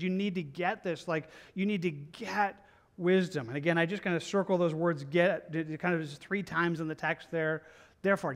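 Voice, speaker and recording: Earnest man teaching scripture. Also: high-pitched. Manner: earnest, repetitive, conversational with many restarts. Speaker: pastor. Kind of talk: verse-by-verse Bible teaching.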